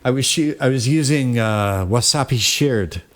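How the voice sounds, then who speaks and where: A man hosting a casual software tutorial, rambling through the steps with frequent fillers and self-corrections, recorded at his home computer setup. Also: medium pitch, a little slow. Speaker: tutorial host.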